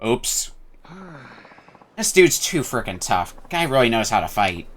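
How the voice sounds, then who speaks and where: Casting: easygoing male streamer thinking out loud over gameplay, mid-range voice. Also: mid-range voice, sing-song, measured pace, a little hiss or hum. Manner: casual, musing aloud. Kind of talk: gameplay commentary.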